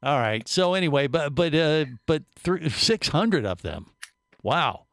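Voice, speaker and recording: A man's voice: fairly high pitch, sing-song, measured pace, fairly bright tone, no echo. A man hosting a radio talk show in a studio, joking around and rambling with lots of fillers. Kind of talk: casual radio chat.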